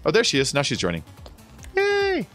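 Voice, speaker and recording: A man's voice: on the high side, wildly swooping pitch, moderate pace, fairly bright tone. A man streaming a video game, chatting casually with his guests, joking and swearing now and then. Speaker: streamer hosting a game session. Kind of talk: casual chat over gameplay. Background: game music.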